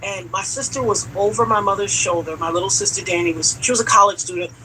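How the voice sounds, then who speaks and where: A woman's voice: medium pitch, fast talker, over a noisy crowd, rough recording. A woman telling a dramatic personal story in a casual chat, acting out what people said. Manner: dramatic, animated storyteller who acts out quotes.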